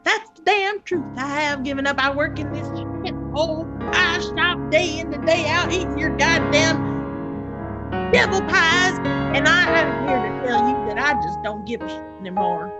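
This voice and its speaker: A woman's voice: high-pitched, moderate pace, loud music behind the voice, natural voice. A woman playing a bitter, fed-up pie shop worker who swears bluntly.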